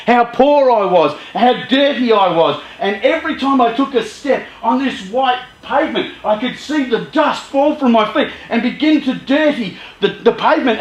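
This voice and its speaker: At a youth charity gathering, a man tells a dramatic story in the first person, acting out his fears and the voices around him. His voice sits high for a man and rings through a roomy, echoey space.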